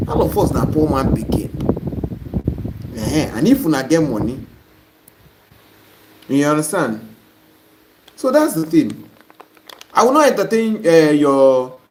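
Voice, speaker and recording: A man with a Nigerian accent and a slightly high, darkish voice teaches an online course over a live stream. He reads viewer comments and bluntly scolds wrong answers, and the stream audio is noisy.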